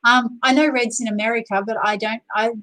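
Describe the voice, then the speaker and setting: A woman's voice: a little high, fairly even intonation, brisk, sharp tone, poor audio. An Australian woman chatting on a live video, rambling with many fillers and restarts and greeting viewers by name. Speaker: YouTuber hosting a live video. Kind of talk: casual live-stream chat.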